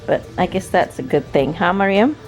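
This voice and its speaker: A woman's voice: on the low side, lively intonation, moderate pace. A woman who moved to the US as a teenager, chatting playfully at home with her family for a vlog and laughing often. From abroad, moved to the US at about sixteen. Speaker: vlogger and mother. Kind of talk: casual family vlog chat. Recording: clear background music under the voice.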